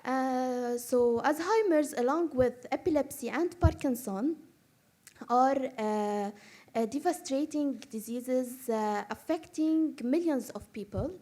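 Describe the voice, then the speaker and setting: A woman giving a short research presentation, hesitant, with frequent pauses and fillers. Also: high voice, warm tone. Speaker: student presenter.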